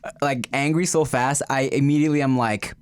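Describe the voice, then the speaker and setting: A man's voice: mid-range voice, steady tone, brisk, very noisy. A man co-hosting a podcast in casual chat, playful. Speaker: podcast co-host.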